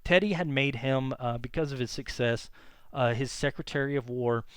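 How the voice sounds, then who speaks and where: A male history teacher giving a conversational classroom lecture, full of fillers and quick self-corrections. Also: mid-range voice, fairly bright tone, clean tone, no room sound.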